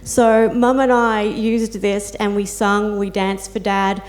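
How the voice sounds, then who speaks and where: Una mujer con acento australiano habla como voluntaria de apoyo entre pares, contando historias personales con sentimiento y muletillas. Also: female voice, mid-range voice, little pitch movement, slow pace. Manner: heartfelt storytelling with fillers and quoted asides. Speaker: peer support volunteer and carer speaking on a panel. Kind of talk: personal talk to an audience.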